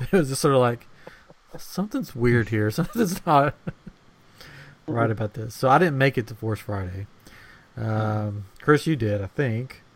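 A man hosting a podcast, leading a casual chat with teasing remarks and plenty of fillers. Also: mid-range voice. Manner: teasing, leads the conversation with fillers. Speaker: podcast host.

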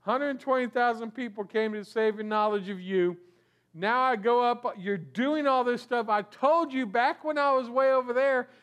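A grumbling, self-pitying prophet, as a preacher puts him on, with a fairly high voice, griping, whining, complaining in a sermon retelling. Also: male voice, fairly bright tone, smooth. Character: sulking prophet Jonah, a grown man, self-pitying.

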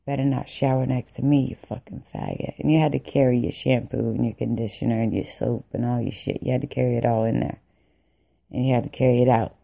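This woman's voice sits at an extremely low pitch and is creaky. A vlogger, she angrily recounts army training with plenty of profanity and bitter laughs, captured in tinny, phone-like sound.

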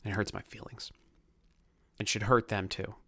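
A man from Baltimore with a Baltimore accent, hosting a podcast with a passionate, ranting monologue that swings from loud to quiet. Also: lowish voice, little pitch movement, moderate pace, husky, no room sound, studio quality. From Baltimore, USA. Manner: passionate, ranting, swears, voice rising and falling. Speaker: podcast host.

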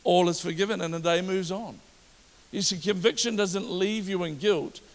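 A man's voice: sits high, normal speed. A man preaching a sermon as pastor, talking directly to his congregation and checking whether they follow him. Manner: animated preaching with audience asides. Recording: long reverb of a large hall.

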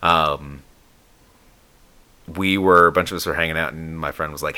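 A man's voice: moderate pace, pauses often, clean tone. A man casually telling a long personal story on a podcast, acting out the people he quotes. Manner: animated storyteller, acts out quotes in a high voice.

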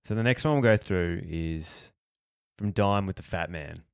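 A man with a fairly low voice co-hosts a podcast in a relaxed way. He makes dry, understated jokes and reads out questions from listeners. The sound is close and dry. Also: unhurried, vocal fry, smooth, no echo. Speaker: podcast co-host. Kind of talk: casual chat.

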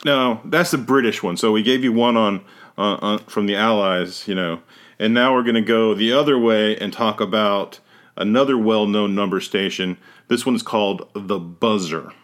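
A man's voice: fairly low pitch, moderate pace, a bit bright. A man hosting a podcast in casual chat, rambling and often correcting himself mid-sentence. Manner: rambling, self-correcting, trails off. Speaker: podcast host.

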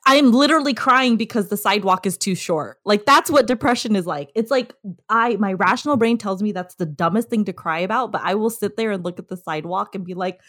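A woman's voice: mid-range voice, a little fast, a bit bright, no echo, studio quality. A woman talking candidly in a casual conversation, laughing often and getting tearful.

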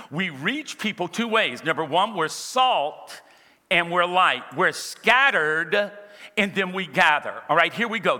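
A man's voice: high-pitched, bright, forceful tone. A man preaching a sermon, telling his own story and calling on the congregation to repeat key phrases back to him. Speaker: pastor. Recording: long hall reverb.

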